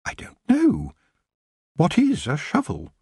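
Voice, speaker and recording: A man's voice: high-pitched, wildly swooping pitch, takes it slowly, a little mellow, breathy edge, dry recording, clean studio sound, voice pushed up, exaggerated voice. A man playing a haughty fallen elf queen. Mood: puzzled. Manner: cold, imperious, puzzled. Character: proud haughty female elf, former queen.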